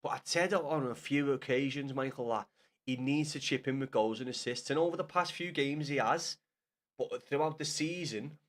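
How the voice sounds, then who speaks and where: A man's voice: mid-range voice, normal speed. A young man chatting on a gaming livestream, answering his chat with blunt, sweary banter.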